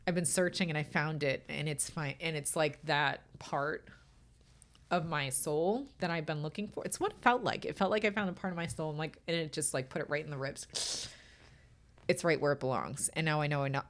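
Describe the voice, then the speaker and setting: A woman's voice: deep voice, fairly quick. A middle-aged woman hosting her own podcast, talking candidly and emotionally with frequent swearing, close to tears. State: tearful. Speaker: podcast host. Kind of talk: casual solo podcast monologue.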